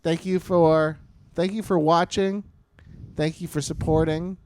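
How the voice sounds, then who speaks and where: A man's voice: a little high, steady tone, unhurried, darkish tone. A young man co-hosting a podcast, chatting casually and joking around with frequent swearing. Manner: profane, joking, rambling. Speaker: podcast co-host. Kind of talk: casual chat.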